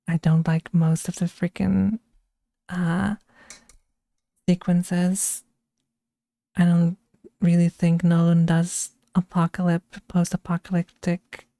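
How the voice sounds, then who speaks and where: A woman streamer chatting casually and giving her opinions in an unhurried way. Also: on the low side, gravelly, mellow, dry recording. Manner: unhurried and opinionated, with frequent restarts. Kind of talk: casual chat, ranking films.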